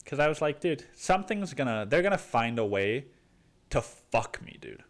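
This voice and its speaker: Lively, profane young man ranting solo. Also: moderate pace. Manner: rambling, profane, says "dude" constantly; animated, jumps into high mock voices. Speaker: podcast host. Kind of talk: casual solo podcast monologue.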